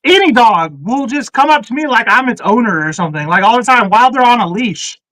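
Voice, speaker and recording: A man jokes and swears through casual banter, and his pitch swings widely as he talks. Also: expressive, brisk, fairly bright tone, low-quality recording. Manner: joking, profane banter. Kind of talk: casual chat.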